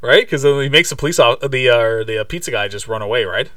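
A man's voice: medium pitch, expressive, fast, fairly bright tone, no echo, studio quality, recorded from a distance. A man co-hosting a podcast, retelling a movie scene by scene in casual chat, with lots of fillers and restarts. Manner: rambling, many fillers and restarts. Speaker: podcast co-host.

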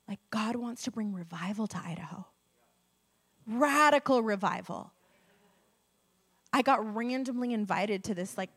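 A woman preaching a sermon, telling a healing story in an animated way, sometimes dropping her voice low. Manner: animated storytelling, drops to whispers. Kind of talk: sermon with testimony.

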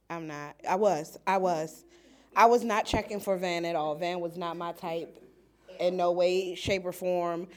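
A woman telling a personal story in a small group, animated and laughing as she acts out quoted lines. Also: fairly low pitch. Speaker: group participant. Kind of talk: casual storytelling. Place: small indoor group setting.

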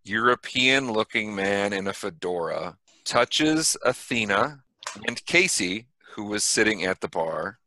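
A man running a tabletop game as game master from home over a video call, relaxed, with fillers and dry asides. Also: lowish voice, unhurried, no echo.

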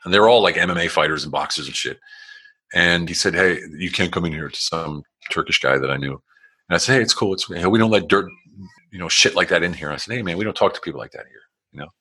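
His voice sits low and comes out fast, bright, forceful and slightly rough. A guest in his forties, he rambles through his life story casually and bluntly, swearing plenty, stumbling into restarts and fillers, and dramatizing quoted lines.

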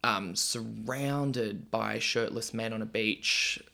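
A man's voice: lowish voice, slow pace, creaky, sharp tone. A man hosting a podcast, chatting casually and retelling stories. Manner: chatty, storytelling. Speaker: podcast host. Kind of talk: casual chat.

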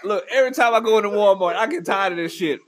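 A man, hosting a casual chat and telling profane, animated stories with mock voices. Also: high-pitched, fast talker, slight background noise.

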